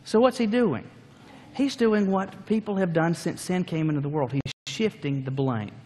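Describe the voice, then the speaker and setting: Man, pastor, sermon, storytelling, a little high voice, long hall reverb. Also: moderate pace, a little mellow. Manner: storytelling, acting out the scenes.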